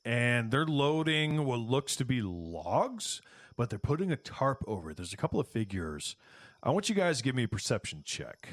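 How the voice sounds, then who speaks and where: A man running a tabletop game as game master, describing scenes casually with halting fillers. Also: mid-range voice, big pitch swings, dry recording.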